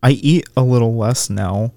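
A man's voice: mid-range voice, moderate pace, mellow, dry recording. A young man co-hosting a podcast, chatting casually and candidly, often laughing. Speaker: podcast co-host.

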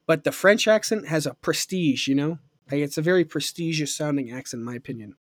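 A man's voice: a little high, a little fast, no room sound, studio quality. A young man in his twenties hosting a podcast, chatting casually and enthusiastically with lots of fillers and rambling asides. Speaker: podcast host. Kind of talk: casual chat.

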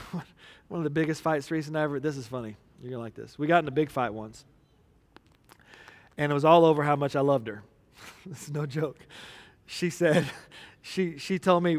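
A man's voice: on the high side, expressive, moderate pace, pauses often, a bit bright, in a large hall. A man preaching a conversational sermon as pastor, telling a personal story with laughter.

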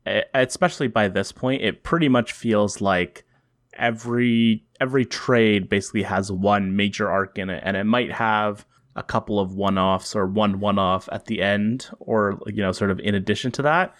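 A man with a low-pitched voice recaps a comic story in casual podcast chat. He thinks aloud, restarts phrases and chuckles now and then. The sound is dry and close. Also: normal speed, dry recording. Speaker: podcast co-host. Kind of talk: casual comic book discussion.

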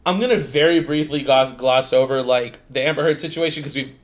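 Speaking in a mid-range voice at a slightly fast clip, this young podcast co-host wanders from point to point, cursing freely and leaning heavily on the word "like" in the casual show.

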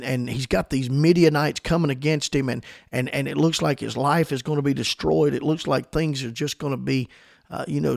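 A man delivering a sermon with fervent, emphatic conviction. His voice has a gravelly edge in the lower notes, and the recording is dry and close, with no room sound. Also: a little mellow, no echo. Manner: fervent, emphatic preaching with repetitions. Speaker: preacher.

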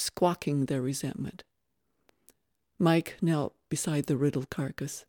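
Hushed storyteller reading a western novel. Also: medium pitch, steady tone, measured pace, no room sound, studio quality. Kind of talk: audiobook narration of a western novel.

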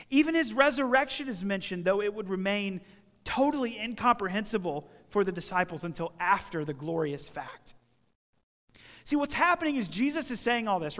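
Animated high-voiced man preaching. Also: in a large hall. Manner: animated, acts out the people in the story with shifting voices. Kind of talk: sermon.

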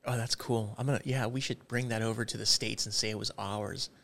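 A man's voice: on the low side, steady tone, a little fast, gravelly, fairly bright tone. A man from Texas co-hosting a podcast, cracking jokes and teasing the others. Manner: joking, teasing. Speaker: podcast co-host. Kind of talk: casual chat.

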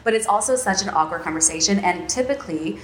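Salon lady talking fast and firm, lowish voice, echoey room. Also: lively intonation, a little hiss or hum. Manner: firm, quick-talking, matter-of-fact. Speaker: guest, salon professional. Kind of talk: casual podcast chat. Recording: roomy echo.

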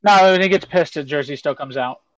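A man's voice: a little high, fairly quick, a bit bright, no echo. A man in casual chat, blunt and wisecracking, swearing a lot. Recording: dull lo-fi sound.

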